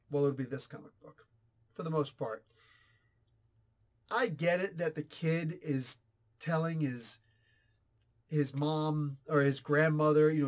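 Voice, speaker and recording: A man in his forties giving a casual, opinionated comic book review, animated and sarcastic. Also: a little high. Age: 40s. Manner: animated, ranting, sarcastic asides.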